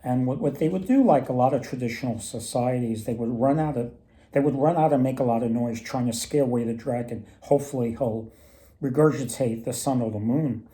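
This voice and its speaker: A man's voice: mid-range voice, fairly quick, mellow. A man casually retelling folk myths and tales, rambling with many restarts. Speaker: storyteller and mythology presenter. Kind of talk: casual storytelling talk.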